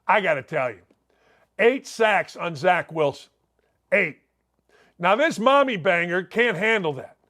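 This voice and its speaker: Loud jokey sports radio guy from indiana, high voice, rattles off a story. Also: lively intonation. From Indiana, USA. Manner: loud, fast-talking, brash, jokey asides. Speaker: sports talk radio host. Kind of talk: animated storytelling monologue.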